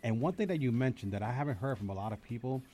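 A man's voice: medium pitch, lively intonation, very fast, warm tone, a little hiss or hum. A man hosting a casual chat, a DJ who talks in an encouraging way and often repeats his words. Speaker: host and DJ.

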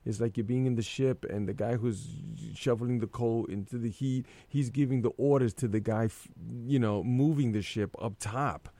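A man in casual conversation, an animated storyteller who acts out his own inner thoughts aloud. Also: medium pitch, moderate pace, hardly any pauses, dry recording.

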